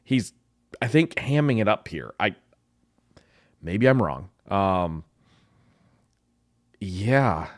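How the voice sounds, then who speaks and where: Blunt, animated man tearing into an ad. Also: lowish voice, extremely slow, pauses often, no room sound, studio quality. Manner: blunt, exasperated critique. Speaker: marketing professor reviewing ads. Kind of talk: ad reaction commentary.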